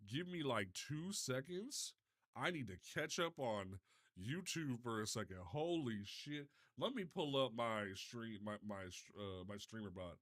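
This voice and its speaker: A man's voice: medium pitch, fairly bright tone. A young man hosting a casual live stream, flustered and swearing while he fixes his chat setup. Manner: flustered, swearing, restarts often. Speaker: livestreamer.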